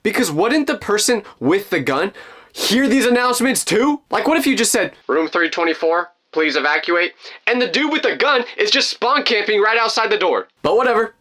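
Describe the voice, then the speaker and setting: A man's voice: high-pitched, very animated, a little fast, bright, forceful tone. A young man narrating a personal story, building suspense and dropping joking asides.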